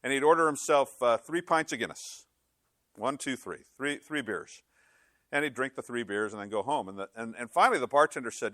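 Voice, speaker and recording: A man's voice: mid-range voice, animated, a little fast, fairly bright tone, dry recording, clean studio sound. A man preaching an informal sermon as pastor, rambling and joking, with frequent restarts. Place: church service.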